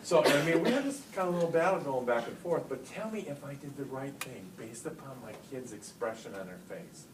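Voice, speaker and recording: A middle-aged man giving a live talk to teachers and parents, telling stories in an animated way and getting loud for punch lines. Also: a little high, normal speed. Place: large hall with audience. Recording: echoey hall, distant mic, noisy.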